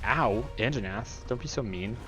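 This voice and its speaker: A man's voice: fairly low pitch, moderate pace, over music. A man streaming a game, rambling in a joking way, answering chat and scolding the monster on screen. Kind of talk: casual live-stream chat while playing.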